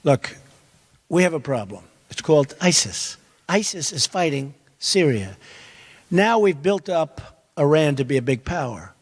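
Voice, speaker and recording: A man's voice: fairly high pitch, slightly rough, big-room sound. An older man answering questions as a political candidate, speaking emphatically, repeating phrases and wandering into asides. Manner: repetitive, emphatic, rambling asides. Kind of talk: campaign forum answer.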